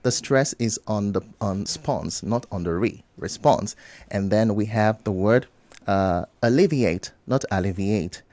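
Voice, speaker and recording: Brisk man coaching pronunciation. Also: on the low side, a little mellow. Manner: brisk, corrective, explains patiently with examples. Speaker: pronunciation coach on a radio show. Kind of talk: radio studio feedback on student debaters. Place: radio studio.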